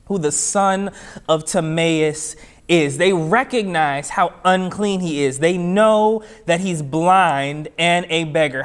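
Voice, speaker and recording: A man preaching a sermon as pastor, with a measured, repetitive cadence that builds to emphatic rises. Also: sits high. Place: church.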